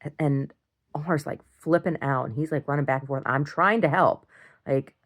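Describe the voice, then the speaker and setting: A woman recording a casual video diary, rambling through an animated story and acting out what others said. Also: low-pitched, normal speed. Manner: rambling, animated retelling with acted-out quotes. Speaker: video diarist.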